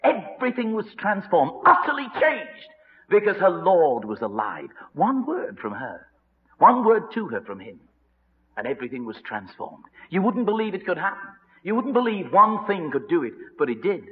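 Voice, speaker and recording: A man preaching a storytelling sermon, swinging dramatically between loud and hushed. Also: high voice, huge pitch swings, normal speed. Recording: reverberant hall, dull lo-fi sound.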